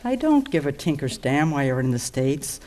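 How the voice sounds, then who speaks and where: A woman voicing a gruff old former fighter who growls with scorn. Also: low-pitched, very animated, moderate pace, darkish tone. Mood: scornful.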